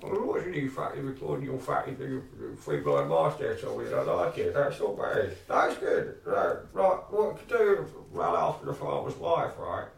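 Male co-host, sweary and lively, off-mic in an echoey room with faint noise. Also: mid-range voice, moderate pace, creaky, far from the mic. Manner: profane, mumbling asides. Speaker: podcast co-host. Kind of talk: casual banter.

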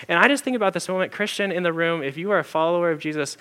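A man preaching a sermon in a casual, earnest way, full of "like" fillers, slowing down and going soft to stress a point. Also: fairly high pitch, smooth. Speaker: pastor.

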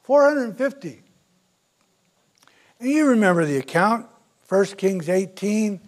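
A male pastor preaching a sermon, retelling scripture stories with big swings from loud to soft. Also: high-pitched, lively intonation, takes it slowly. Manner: storytelling, dramatic swings in loudness.

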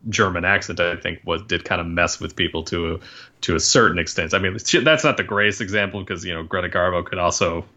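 A man's voice: low voice, fairly quick, pushed and bright. A man co-hosting a casual film podcast, rambling and correcting himself as he goes. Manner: rambling, apologetic, self-correcting. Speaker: podcast co-host. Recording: slightly dull, lo-fi sound.

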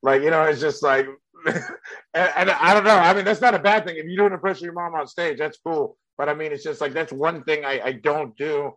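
A man's voice: fairly high pitch, brisk, a bit bright, no echo, low-quality recording. A young man with a Mexican accent, a stand-up comedian chatting bluntly and rambling, with lots of laughter and swearing. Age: young adult. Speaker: stand-up comedian, podcast guest. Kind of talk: casual chat.

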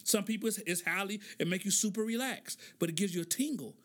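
A middle-aged man rambles through a comic podcast monologue, breaking into laughs between stories. His voice sits high and sounds bright and forceful. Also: fast talker. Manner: joking, loose storytelling with laughs. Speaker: podcast host. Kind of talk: casual comedic monologue.

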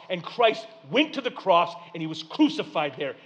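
A man delivers a sermon as a pastor, his voice sitting noticeably high for a man. He talks in plain, folksy speech, stumbling over a word now and then. He swings between big, lively preaching and soft, hushed storytelling. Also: normal speed.

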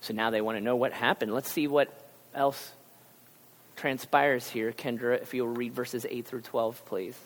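A male pastor preaching a conversational sermon, acting out characters in quick asides. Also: mid-range voice, level tone. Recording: long hall reverb.

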